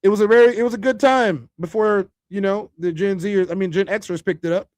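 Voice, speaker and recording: A man's voice: high-pitched, fairly even intonation, fairly quick, a little mellow, dry recording, studio quality. A man with a Chicago accent hosting a podcast, talking loosely and conversationally with frequent restarts. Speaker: podcast host. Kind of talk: casual monologue.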